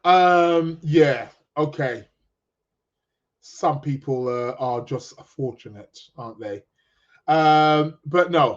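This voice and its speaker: A man's voice: fairly high pitch, highs cut off. A man hosting an astrology podcast, chatting casually and reading out viewer comments in a rambling, joking way. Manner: rambling, jokey, self-interrupting.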